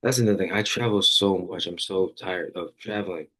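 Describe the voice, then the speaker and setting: A man with a deep, low voice hosts a faith podcast and tells a personal story. He rambles casually, leaning hard on fillers. He stays earnest and open the whole way through. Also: a little fast, a bit bright. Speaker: podcast host.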